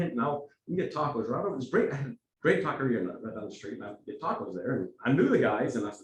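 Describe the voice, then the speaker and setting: A man with a Texas accent leading a church evangelism workshop, talking conversationally and acting out quotes in lively asides. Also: medium pitch, fast talker, a little hiss or hum. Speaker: evangelism trainer. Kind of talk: workshop teaching. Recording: echoey room, from far off.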